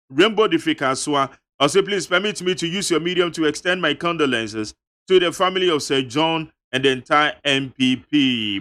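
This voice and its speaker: In a radio studio, a Ghanaian man with a mid-range voice reads out listener messages on air. His delivery is emphatic and animated, and he slips local-language asides in between the reading.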